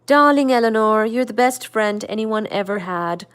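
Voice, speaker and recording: A woman's voice: a little high, expressive, moderate pace, a bit bright, smooth. A woman voicing a troubled, apologetic young man in a novel read aloud, in an earnest, emotional manner. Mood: tender.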